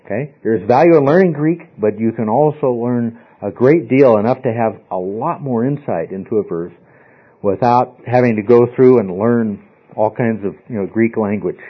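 Husky man teaching a Bible class. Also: mid-range voice, moderate pace. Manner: emphatic, asks the class questions often. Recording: dull lo-fi recording.

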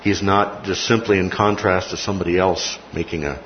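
A man's voice: sits low, steady tone, a little fast. A man teaching a Bible class in a classroom lecture, often repeating key phrases and checking in with "okay?". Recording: muffled recording with faint noise.

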